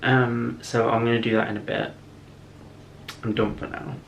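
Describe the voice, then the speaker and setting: A man's voice: medium pitch, normal speed, gravelly, slight background noise. A man chatting casually to camera at home, rambling and correcting himself as he goes. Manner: rambling, relaxed, self-correcting. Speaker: vlogger. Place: home room, indoors.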